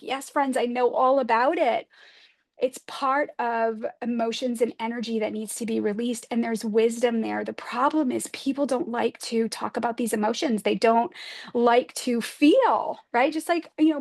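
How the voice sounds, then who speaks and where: A woman spiritual advisor in a livestream talk, speaking gently and earnestly, often posing reflective questions to her listeners. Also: fairly high pitch.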